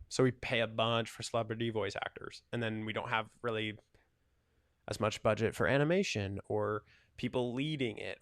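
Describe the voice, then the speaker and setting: A man's voice: medium pitch, dry recording, clean studio sound. A young man chatting casually over his gameplay, rambling, joking and ranting about whatever comes up. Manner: rambling, jokey, ranting asides. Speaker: gaming YouTuber.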